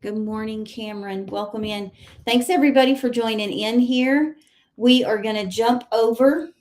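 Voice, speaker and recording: A woman with a Southern US accent leading a live exercise class, counting reps and giving steady cues, heard from a distance in an echoey room. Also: a little high, normal speed. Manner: counts reps aloud, encouraging cues, clears throat often. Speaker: fitness instructor. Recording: roomy echo, voice from far off.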